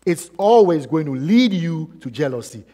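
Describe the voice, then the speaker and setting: Male pastor preaching, slightly high voice, long church reverb, rhetorical questions, rises and drops in volume. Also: sing-song, moderate pace. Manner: preaching with rhetorical questions, swinging between loud and soft. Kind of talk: sermon.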